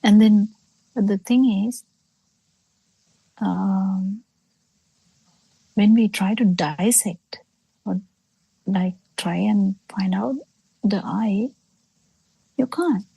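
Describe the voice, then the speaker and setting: A woman giving a Buddhist teaching over a video call, halting, with many pauses and fillers, often falling into soft breathy half-whispers. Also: medium pitch, dry recording, poor audio. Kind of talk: slow spoken dharma talk on a video call.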